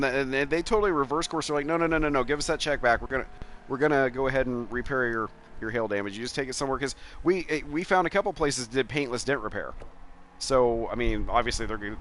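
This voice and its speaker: A man's voice: medium pitch, fast talker, a bit bright, slight background noise. A man streaming a racing game, chatting casually and telling rambling stories with lots of swearing and chuckles. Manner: rambling, profane, chuckling storyteller. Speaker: gaming streamer.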